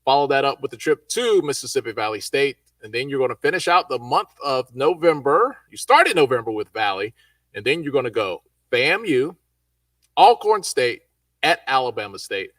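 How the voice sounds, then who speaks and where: Lively sports talk show host, man. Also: medium pitch, moderate pace, dry recording, far from the mic. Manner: lively, folksy, hypes teams.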